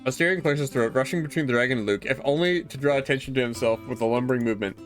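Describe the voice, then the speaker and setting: A man's voice: medium pitch, racing, few pauses, faint music behind. A man streaming himself reading a visual novel aloud, chatty, swearing casually and reacting to the story.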